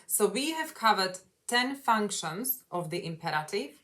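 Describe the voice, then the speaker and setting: A woman's voice: mid-range voice, expressive, a little slow, a bit bright. A woman English coach leading a grammar lesson, setting out each point and backing her co-host with frequent "mm-hmm"s.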